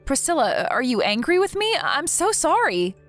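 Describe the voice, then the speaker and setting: A meek young wife speaks timidly and apologetically, voiced by a woman reading a text story. Faint music sits quietly behind the voice. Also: sits high, very animated, normal speed, voice pushed up. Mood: anxious.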